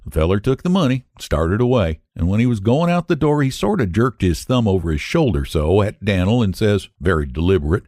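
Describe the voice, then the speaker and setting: A male storyteller reads an old tale in a folksy rural dialect, his pitch rising and falling with lively animation. The recording is close and dry with no room sound. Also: a little fast, hardly any pauses, no echo. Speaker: story reader. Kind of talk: reading a classic short story aloud.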